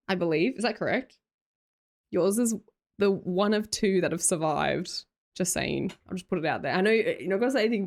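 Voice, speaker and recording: Her voice is mid-range with a darkish tone: a young Australian woman, a young adult, reading chat aloud during a casual live stream. She teases viewers, laughs a lot, and swears casually.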